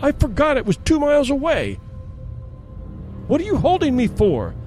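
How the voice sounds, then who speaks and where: A desperate old mother, high-pitched and crying out urgently, as a male narrator voices her. Her pitch leaps far above the reader's own, and it swings widely from line to line. Faint music plays softly underneath. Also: wildly swooping pitch, moderate pace, full character voice. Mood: frantic.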